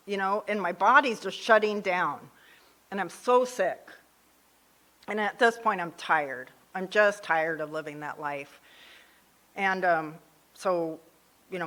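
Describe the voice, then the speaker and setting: A woman in her late forties tells her recovery story in a candid, heartfelt way. She moves quickly between plain telling and voicing her old panicked thoughts, at an ordinary pitch for a woman. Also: a bit bright. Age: 40s. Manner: candid, emotional, with quoted inner thoughts. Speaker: recovery speaker. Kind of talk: personal recovery story at a meeting.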